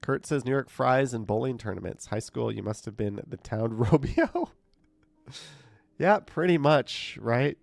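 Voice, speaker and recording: A man's voice: mid-range voice, lively intonation, measured pace, vocal fry, darkish tone, no room sound. A man with a stuffed-up, nasal voice from a cold, chatting casually on a live stream as he reads viewer comments aloud and answers them. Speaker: live streamer reading chat. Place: indoors.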